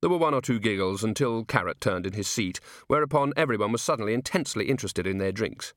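A man narrating a story in a wry, measured reading style. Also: fairly low pitch, expressive, fairly bright tone, dry recording, clean studio sound. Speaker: audiobook narrator. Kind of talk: scripted narration.

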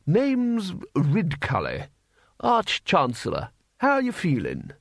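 A man doing a booming old wizard chief. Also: huge pitch swings, takes it slowly, no room sound, clean studio sound, exaggerated voice. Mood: brusque. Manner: booming, brusque, commanding. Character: blustering elderly male wizard head. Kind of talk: audiobook character voice.

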